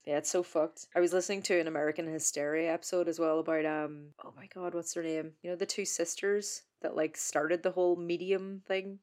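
A young woman chats loosely as a podcast co-host. Her voice sits a little low, and she swears freely and peppers her talk with fillers. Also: steady tone, a little fast, few pauses, a little mellow. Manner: sweary, laughing, lots of fillers. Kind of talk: casual chat.

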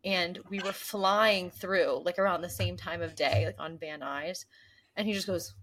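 Animated young woman telling stories. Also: fairly low pitch, unhurried, slight background noise. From US East Coast. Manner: animated storyteller, mimics voices and gasps. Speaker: podcast co-host. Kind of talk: casual chat.

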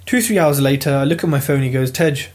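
A British man telling a property auction story in a lively, casual vlog, swearing freely as he goes. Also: medium pitch, a little fast. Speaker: property investor vlogger. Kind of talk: casual chat.

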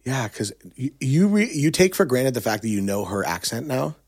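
Speaking at normal speed with medium pitch, this middle-aged man, a songwriter and agent, recounts a story casually. He gets animated, quotes other people, and fills his speech with fillers.

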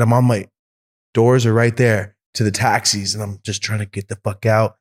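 A man with a fairly low voice tells stories as a podcast guest. He is loose and profane, full of animated energy, and acts out every quote in other people's voices. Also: moderate pace. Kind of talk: casual storytelling.

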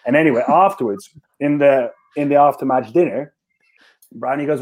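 A man's voice: mid-range voice, normal speed, a little mellow. A rugby player on a podcast, telling a story in casual chat with many restarts and fillers and laughing as he goes.

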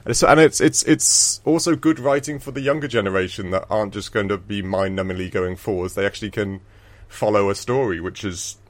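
A man's voice: fairly low pitch, a little fast, hardly any pauses, no room sound. A man co-hosting a casual podcast, laughing often and repeating words as he talks. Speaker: podcast co-host. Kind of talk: casual chat.

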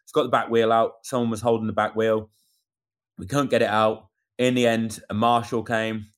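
A man casually telling a lively story about a bike race, acting out what people said. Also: on the low side, moderate pace. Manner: animated storyteller acting out quotes. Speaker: amateur cyclist recounting a race. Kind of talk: casual chat.

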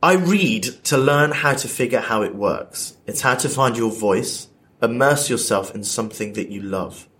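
A playful man hosts a casual podcast chat, reading out quiz questions with an easy, joking manner. His voice sits at an ordinary middle pitch, and he laughs often between lines. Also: lively intonation, normal speed, hardly any pauses, fairly bright tone. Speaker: podcast host running a quiz.

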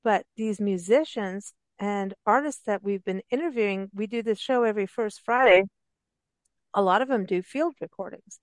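A woman's voice: mid-range voice, moderate pace, no echo. Chatty enthusiastic woman host, dry sound. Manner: enthusiastic, rambling, chatty with laughs. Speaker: radio show host. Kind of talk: casual interview chat. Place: travel and parks radio show.

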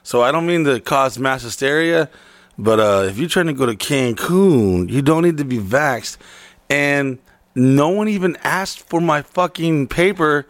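A man's voice: on the high side, expressive, a little slow, no echo. A man co-hosting a casual chat, telling travel stories with lots of swearing and jokes. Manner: profane, joking storyteller. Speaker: podcast co-host.

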